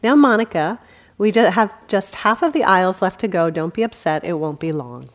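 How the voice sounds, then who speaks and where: A woman voicing a patient young mother who calmly soothes her fussing child in an anecdote. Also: mid-range voice, moderate pace, lightly acted. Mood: soothing. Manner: calm, soft and soothing.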